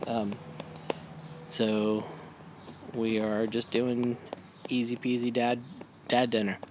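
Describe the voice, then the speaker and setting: A man's voice: mid-range voice, level tone, slow pace, a little mellow, slight background noise. A man in his thirties, a homebrewing vlogger and dad, chatting casually in a loose, rambling, slightly tipsy way.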